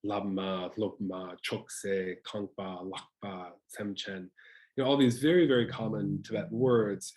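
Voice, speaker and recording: A man's voice: on the low side, a little mellow, low-quality recording. A man giving an academic lecture, explaining patiently with small restarts and fillers.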